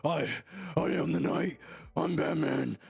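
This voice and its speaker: A man putting on a strained gruff Batman voice. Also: fairly high pitch, slow, a little mellow, exaggerated voice. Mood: brooding. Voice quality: strained put-on gravelly voice. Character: brooding caped male vigilante hero, gruff.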